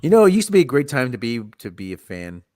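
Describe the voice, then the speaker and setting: A man's voice: medium pitch, very animated, fast talker, darkish tone. A man hosting a casual chat show, sarcastic and exasperated, sighing often. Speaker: podcast host. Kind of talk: casual chat about movie news.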